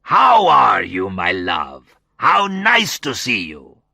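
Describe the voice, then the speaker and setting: Guy reading doing a loud jolly fat fixer, big booming cheer, dry close sound. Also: sing-song, unhurried, dry recording, heavily acted. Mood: jovial.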